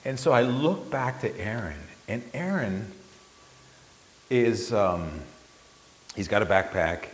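Man, storyteller, slow, lowish voice, self-mocking, echoey hall, faint hiss. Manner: animated, self-mocking, many restarts. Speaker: storyteller recalling a trip. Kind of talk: spoken anecdote to an audience.

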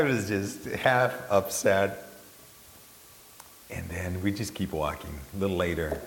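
A man telling an animated, self-mocking story about a grueling trek to an audience. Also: low voice, slow, long pauses. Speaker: storyteller recalling a trip. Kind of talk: spoken anecdote to an audience. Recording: echoey hall, faint hiss.

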